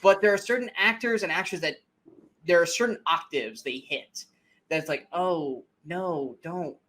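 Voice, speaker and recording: In casual film talk on a podcast, a young male co-host voices strong, curse-filled opinions without holding back. He sounds animated and high-pitched, with a sharp tone at a moderate pace.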